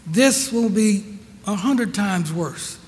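A man preaching in a notably high voice, drawing out each phrase at a slow, deliberate pace. He leans on repeated rhetorical questions, and his words ring out with a long echo of the hall. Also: animated, a little mellow. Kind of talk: sermon.

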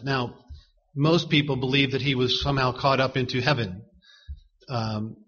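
Husky-voiced man preaching a sermon. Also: mid-range voice, fairly bright tone, dull audio. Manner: measured, emphatic, repeats words for stress.

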